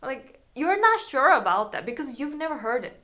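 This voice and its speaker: A woman violin teacher, chatting through a casual video lesson, halting, with many fillers and restarts. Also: sits high, very animated, bright, forceful tone.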